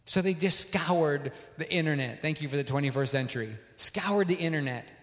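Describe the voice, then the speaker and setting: Male preacher, sermon, animated storytelling, fairly high voice, long hall reverb. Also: normal speed. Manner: storytelling, animated, acts out dialogue.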